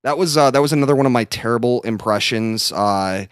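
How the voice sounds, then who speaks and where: A man's voice: medium pitch, fairly quick, clean tone, no echo, clean studio sound. A man co-hosting a podcast, rambling and swearing freely in casual chat. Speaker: podcast co-host.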